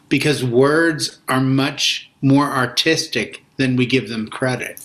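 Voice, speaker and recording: Bright-voiced man from Boston. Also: mid-range voice, moderate pace, few pauses. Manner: expansive, quotes famous orators. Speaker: co-host. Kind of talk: casual panel chat.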